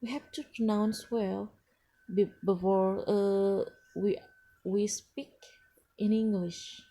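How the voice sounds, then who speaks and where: A woman, not a native English speaker, lecturing on English pronunciation with frequent pauses and restarts. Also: mid-range voice, fairly even intonation, mellow. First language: Indonesian. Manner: slow and hesitant, frequent uh fillers and restarts. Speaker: English teacher. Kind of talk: lecture presentation.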